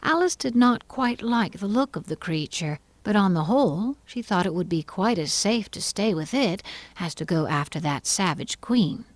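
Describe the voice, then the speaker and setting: A woman narrating an audiobook in an even, clear storytelling manner. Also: mid-range voice, normal speed, no room sound. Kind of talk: scripted narration.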